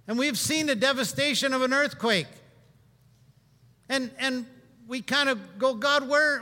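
A man preaching a sermon in a conversational, humorous way, swinging between loud and hushed. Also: very high-pitched, long reverb tail.

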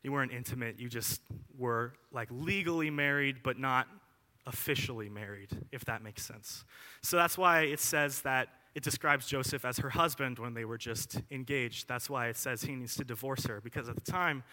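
A young man preaching a casual, conversational sermon, animated and chatty with plenty of asides. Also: medium pitch, normal speed. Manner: animated, chatty, lots of asides and filler words. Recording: long hall reverb.

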